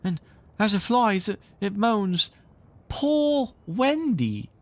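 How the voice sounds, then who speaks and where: Brief: man putting on an awestruck lost boy, high and breathless, storybook reading. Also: very animated, slow, heavily acted. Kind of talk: storybook read-aloud voice.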